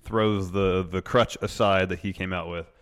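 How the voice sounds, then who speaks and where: A man's voice: low-pitched, fairly even intonation, normal speed. A man co-hosting a podcast who recaps wrestling events step by step in an easygoing, casual way. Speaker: podcast co-host.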